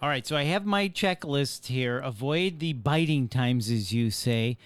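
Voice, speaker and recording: A male interview host with a clear, resonant voice of middle pitch. He asks questions and recaps the answers in an upbeat, affirming way. The recording is close and dry. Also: animated, a little slow, no echo.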